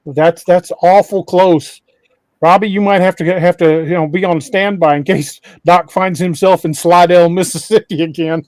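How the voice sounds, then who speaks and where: A man's voice: sits high, fairly even intonation, moderate pace, darkish tone, no room sound. A man co-hosting a podcast, casually giving practical advice and joking with the others.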